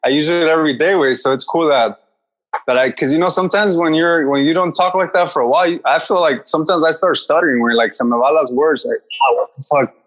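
A man's voice: on the high side, fast talker, a bit bright, low-quality recording. A man on a podcast, chatting casually and swearing, switching between English and Spanish. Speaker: podcast host. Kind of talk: casual bilingual chat.

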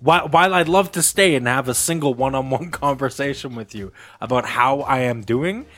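A man hosting a casual comedy podcast, quick and giggly as he chats with friends. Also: mid-range voice, fairly bright tone, faint music behind. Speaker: podcast host.

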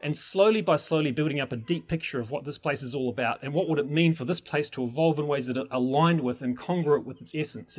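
Aussie guy teaching permaculture, excited and rambly, kinda husky voice, keeps restarting his sentences. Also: on the high side. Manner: enthusiastic, rambling with many restarts. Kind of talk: informal teaching talk.

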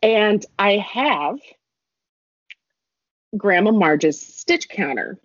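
A woman's voice: mid-range voice, animated, extremely slow, no room sound. A young woman telling a rambling story in casual chat, laughing and adding asides as she goes. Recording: dull lo-fi dry recording.

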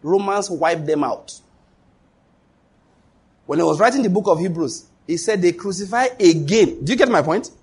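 A man preaching a sermon as pastor, emphatic, asking rhetorical questions and leaping up in pitch for exclamations. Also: expressive, moderate pace, long pauses, husky.

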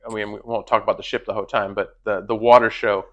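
A man's voice: fairly low pitch, fast talker, muffled recording. Man hosting a faith podcast. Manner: chatty, relaxed, leads the prayer. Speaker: podcast host. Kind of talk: casual chat and prayer. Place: cruise ship.

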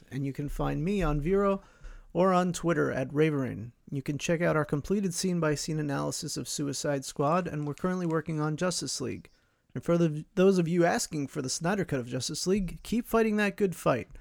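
A man appearing as a guest on a podcast, talking in casual chat in a measured, hesitant way. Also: fairly high pitch, gravelly, no room sound, studio quality.

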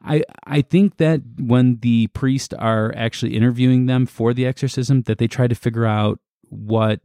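Man, podcast co-host, casual chat, gravelly fry, dry close sound. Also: medium pitch, no echo. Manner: relaxed, halting, reads notes aloud.

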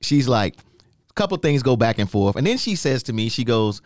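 A man from New York hosting a podcast, telling a story in a casual chat with lively, emphatic questions. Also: medium pitch, brisk, dry recording, studio quality. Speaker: podcast host.

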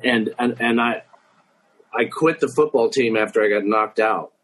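Man, late thirties, husky, casual storytelling, swears freely, self-mocking. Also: mid-range voice, moderate pace, a bit bright, low-quality recording.

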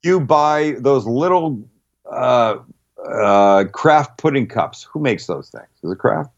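A man's voice: medium pitch, animated, slow, dull audio. A middle-aged man chatting casually on a radio show as a cooking guest, brash and profane, walking through recipes step by step.

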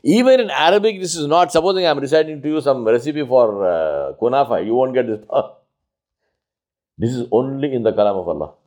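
A man giving a religious talk on outreach. He is emphatic and repeats his points, swinging between loud high stresses and low quiet asides, and slows down to press key phrases. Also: animated. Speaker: Islamic lecturer.

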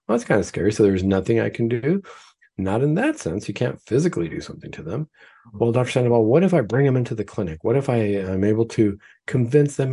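A man's voice: medium pitch, dark tone, slightly rough. A man hosting a talk show, explaining earnestly and telling case stories as a clinician. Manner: earnest, explanatory, quotes imagined speakers. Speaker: psychiatrist and radio show host.

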